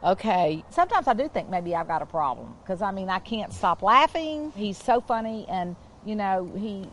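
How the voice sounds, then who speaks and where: A woman's voice: mid-range voice, very animated, normal speed, a bit bright, a little hiss or hum. A woman co-hosting a casual Christian chat show with her husband, often breaking into giggles. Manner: giggly, keeps breaking into laughter. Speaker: co-host.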